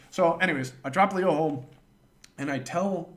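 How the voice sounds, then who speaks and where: Brief: male streamer with a slightly high voice, casual and profane, rambling storyteller. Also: fairly bright tone. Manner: rambling and profane, pausing to thank viewers.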